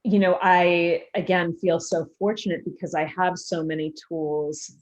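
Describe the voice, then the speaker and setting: Low-voiced candid woman guest, lo-fi. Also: little pitch movement, measured pace. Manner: candid and open, laughing easily. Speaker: guest, coach. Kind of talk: casual interview chat.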